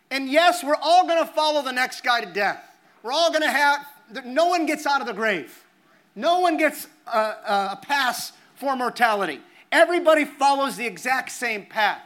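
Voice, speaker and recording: A male pastor preaches a sermon in a notably high, bright voice. He addresses the congregation earnestly and conversationally, driving his points home by repeating phrases.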